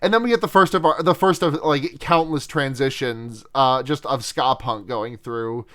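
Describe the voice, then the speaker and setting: A man's voice: mid-range voice, moderate pace, a bit bright, clear, resonant tone. A man co-hosting a podcast, recapping a film in casual chat, rambling and swearing with frequent laughs. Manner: rambling, profane, laughs often. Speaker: podcast co-host.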